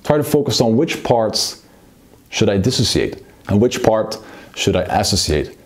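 Low-voiced man coaching public speaking. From Belgium. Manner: shifts between slow low delivery and fast excited delivery. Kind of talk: public speaking lesson with demonstration.

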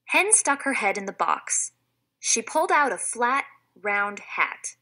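A woman reading a children's storybook aloud in a clear, expressive way, like a teacher. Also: medium pitch, slow.

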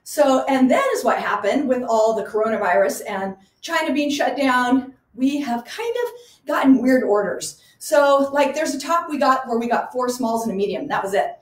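In an echoey room, a woman with a slightly high, lively voice speaks at a moderate pace. She runs a small garage boutique and chats enthusiastically while showing clothes in a live online showcase.

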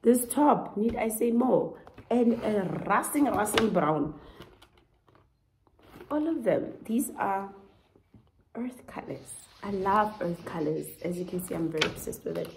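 A South African woman talks through her clothing haul at an unhurried pace. Her middle-range voice swings into dramatic, gushing excitement, with frequent laughter. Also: medium pitch, vocal fry, background noise. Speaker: fashion vlogger. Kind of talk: casual try-on haul chat.

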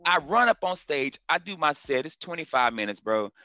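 A middle-aged man, a comedian from North Carolina, telling a story in a casual interview in an animated, slangy way and acting out the other voices. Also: fairly high pitch, moderate pace, dull audio. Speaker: comedian guest.

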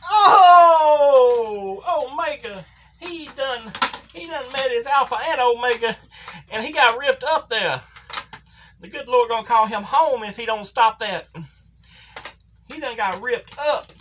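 Gal putting on a drawly old southern wrestling commentator, hollers lordy, bit high voiced, faint hiss behind. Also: female voice, measured pace, pauses often, fairly bright tone. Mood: excited ringside. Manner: thick put-on Southern drawl, country grammar, cries of "Lordy". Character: folksy Southern older male wrestling commentator. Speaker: play-by-play commentator for a toy wrestling figure match. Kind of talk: comedic ringside commentary.

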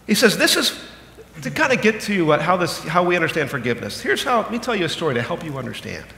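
A man in his thirties, a pastor preaching a sermon, animated and emphatic, dropping low and slow for key points. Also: creaky, slight background noise. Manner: animated, swings between loud emphatic bursts and low slow asides. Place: church sanctuary. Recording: echoey hall with long reverb.

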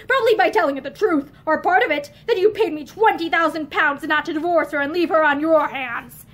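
A woman's voice: high voice, fairly bright tone. A woman reading a novel aloud, giving the dialogue some character, seated in a room lined with bookshelves. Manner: reads with dialogue voiced in character. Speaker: audiobook reader.

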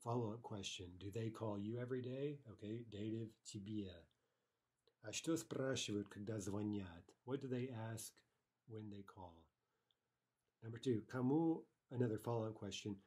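A man with a slightly low voice gives a relaxed online language lesson. He reads example sentences aloud, then explains them in a conversational way. He keeps checking in with "right?" and pauses on "uh" as he thinks. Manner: often ends phrases with a checking "right?" and uses "uh" as filler. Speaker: language teacher.

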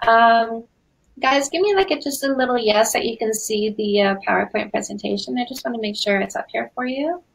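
A Canadian woman in her forties, a dating coach hosting a live webinar in an energetic, chatty way with lots of fillers. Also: fairly high pitch, brisk, creaky, breathy edge, rough recording. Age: 40s.

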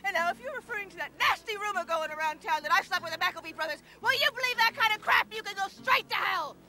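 A woman's voice: very high-pitched, lively intonation, fast talker, over music. An actress playing a flighty, touchy young woman with a whiny, girlish voice and dramatic outbursts. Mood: furious. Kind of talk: comedy sketch acting.

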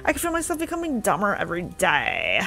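A woman's voice: medium pitch, huge pitch swings, fast, creaky, bright, forceful tone, faint music behind, full character voice. A woman voicing a desperate young male miner who pleads gloomily with his father, in a game commentary video. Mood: despairing.

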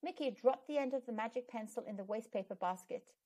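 A woman hosting a storytime channel, reading a children's book aloud with expressive storytelling narration. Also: on the high side, fast talker, hardly any pauses.

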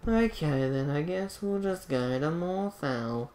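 A man casually commentating his gameplay into a desk microphone, excitable and jokey with loud bursts. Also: on the high side, slow. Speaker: gaming channel host.

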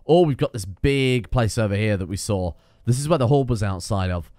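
A young man giving casual let's-play commentary, excitable, swearing and shouting at his teammates. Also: fairly low pitch, brisk, dry recording, studio quality. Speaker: gaming video host.

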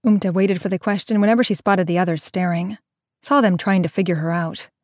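A woman narrating an audio drama in a slow, measured storytelling manner. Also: on the low side, fairly even intonation, darkish tone, no room sound, studio quality.

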